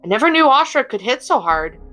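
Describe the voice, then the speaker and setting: A woman's voice: fairly high pitch, big pitch swings, fast, bright, forceful tone, voice pushed up. A woman voicing a playful princess who teases with puns. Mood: teasing. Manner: teasing, giggly.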